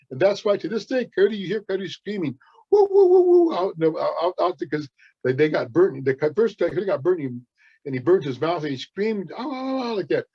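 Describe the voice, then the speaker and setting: An older man, a tribal elder, telling a creation story to children outdoors in an animated, repetitive, folksy way, in a dull lo-fi recording. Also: on the high side, breathy edge. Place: outdoors with trees and mountains.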